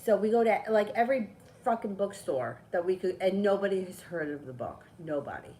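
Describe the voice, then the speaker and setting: A middle-aged woman, a tarot reader chatting casually on a live stream, telling a story with lively, swearing asides. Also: mid-range voice, a little fast, slight background noise, low-quality recording.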